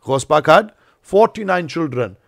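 Gravelly-voiced man explaining at length. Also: on the high side, animated, measured pace. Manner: explains at length, mixes Urdu words into English. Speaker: imam and host. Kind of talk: casual religious discussion.

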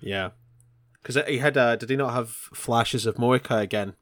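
A man's voice: mid-range voice, moderate pace, fairly bright tone, no echo. A man co-hosting a casual anime recap podcast, laughing often and chiming in with short agreements. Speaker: podcast co-host.

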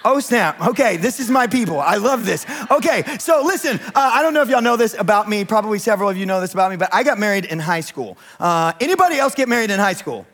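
High-voiced joking pastor. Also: male voice, lively intonation, fast, few pauses, fairly bright tone. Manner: joking, chatty, polls the congregation for raised hands. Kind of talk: humorous sermon storytelling. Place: church sanctuary with congregation.

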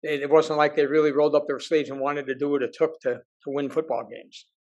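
An older man with a somewhat high-pitched voice talks plainly in a casual chat. He is a former football recruiter who repeats his points for emphasis. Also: little pitch movement, brisk, highs cut off.

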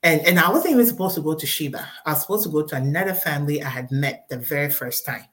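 A woman as a guest storyteller giving a personal faith testimony, animated and acting out dialogue with many fillers. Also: low-pitched, quick pace.

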